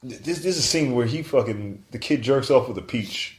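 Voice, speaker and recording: Swearing podcast host, echoey room. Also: male voice, medium pitch, animated, normal speed, a crowd in the background. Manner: loose storytelling, acts out quotes, swears often. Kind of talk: casual podcast banter.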